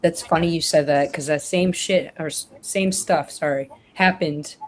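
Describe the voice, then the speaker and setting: A woman's voice: low-pitched, fairly even intonation, normal speed, slight background noise. A woman in casual chat, rambling and correcting herself as she tells stories over a remote call.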